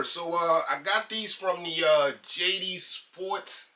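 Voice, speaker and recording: A man's voice: sits high, takes it slowly, pushed and bright. A man from New York doing a laid-back, slangy sneaker unboxing review and calling his viewers guys and man.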